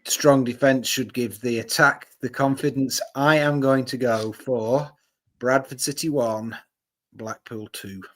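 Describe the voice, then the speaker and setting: A man's voice: medium pitch, fairly even intonation, measured pace, a bit bright. A man on a football podcast panel, talking hesitantly with many fillers and restarts. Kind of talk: casual football podcast chat.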